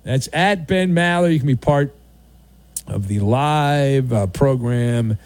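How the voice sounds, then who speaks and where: A man's voice: medium pitch, takes it slowly, dry recording. A man hosting a sports radio show, delivering a sarcastic, opinionated monologue with mocking asides. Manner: sarcastic, animated, mocking voices.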